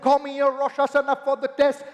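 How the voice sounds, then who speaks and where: Male actor as a fussy, theatrical young scientist-professor; high, slow delivery; stage hall with music behind. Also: monotone. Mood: boastful. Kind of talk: stage musical singing and acting.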